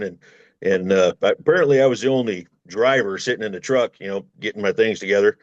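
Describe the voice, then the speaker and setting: A man's voice: fairly low pitch, fairly quick, no room sound. Chatty trucker man, muffled audio. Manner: rambling, animated, acts out quoted voices. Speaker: guest, former long-haul truck driver. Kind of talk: casual storytelling chat.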